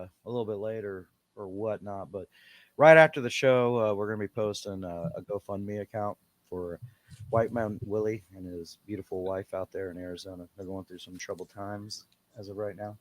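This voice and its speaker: A man's voice: on the low side, fairly even intonation, moderate pace, no room sound. A man co-hosting a casual talk show, rambling and swearing freely as he tells stories. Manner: crude, rambling, swears often. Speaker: podcast co-host. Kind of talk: casual chat.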